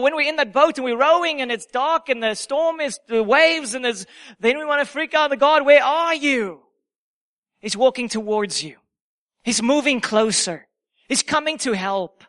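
A man's voice: very high-pitched, a bit bright. A man preaching a sermon, emphatic and repeating key phrases for effect.

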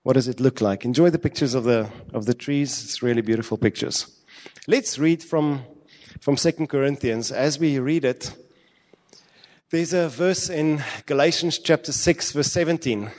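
A man's voice: medium pitch, normal speed, darkish tone. A male preacher giving a sermon in a conversational, emphatic way, asking many rhetorical questions. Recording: long hall reverb.

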